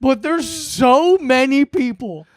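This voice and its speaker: A man's voice: very high voice, animated, takes it slowly, dry recording, clean studio sound. A man filling in as guest on a comedy podcast, chatting loosely, swearing freely and explaining things. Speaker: guest co-host. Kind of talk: casual comedic chat.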